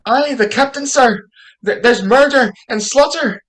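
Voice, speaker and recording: A woman's voice: fairly low pitch, moderate pace, lightly acted. A woman playing a flustered old-fashioned male country servant in a stage comedy, talking with frantic alarm.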